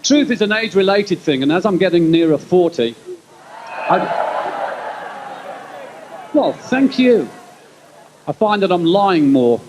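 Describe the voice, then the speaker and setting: Man, forties, Birmingham accent, high voice, stand-up comic, chatty rambling asides, stage mic, faint outdoor crowd noise. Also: animated, a little slow, pauses often, a little mellow, dull audio. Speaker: stand-up comedian and concert compere. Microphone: stage microphone over a PA.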